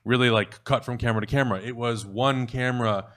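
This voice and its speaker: A man's voice: medium pitch, steady tone, quick pace, a bit bright. A man on a casual movie panel, explaining his views with plenty of fillers and restarts.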